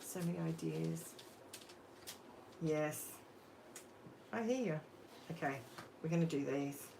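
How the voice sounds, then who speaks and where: Chatting away while she crafts, this craft channel host, a middle-aged woman with an Australian accent, speaks directly to her live-stream viewers in the chat. Her low-pitched voice is slow and creaky with lively intonation, and background noise is audible. She's in her home craft room under overhead lights.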